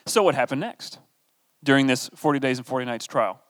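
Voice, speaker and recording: A man's voice: medium pitch, a little fast, fairly bright tone, big-room sound. A man giving a conversational Bible teaching, reading scripture aloud and adding casual asides. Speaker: preacher.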